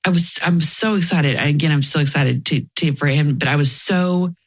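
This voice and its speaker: A woman's voice: deep voice, normal speed, low-quality recording. A young woman speaking candidly as an interview guest, earnest and often restarting her sentences. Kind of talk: personal interview conversation.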